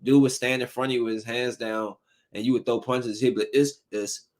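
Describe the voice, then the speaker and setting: A man's voice: medium pitch, brisk. A man hosting a solo podcast, chatting loosely and acting out quotes in a studio. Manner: loose and animated, acts out quotes. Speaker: podcast host. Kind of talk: casual solo podcast chat. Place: home recording studio. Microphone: studio mic.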